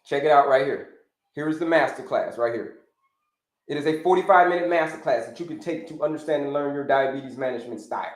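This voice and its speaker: A man hosting a live stream as a health coach, talking in an animated way, repeating his phrases and calling his viewers folks. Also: medium pitch, fast, reverberant.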